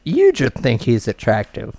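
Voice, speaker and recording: A man's voice: medium pitch, wildly swooping pitch, a little slow, creaky, mellow. A man in casual podcast chat who laughs easily and gives blunt opinions. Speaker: podcast co-host.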